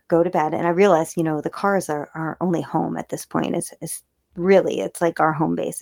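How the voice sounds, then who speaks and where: A woman telling a personal story in a casual, chatty way. She talks fast and laughs often. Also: fairly low pitch, gravelly, darkish tone, no room sound, studio quality. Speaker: video creator.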